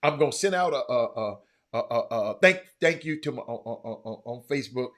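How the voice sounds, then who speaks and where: A man hosting a livestream, stammering and repeating himself, muttering low one moment and shouting the next. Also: animated, a little fast. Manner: repetitive, stammering, talks straight to viewers; swings from quiet muttering to loud shouting. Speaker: livestream host. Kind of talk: casual livestream chat.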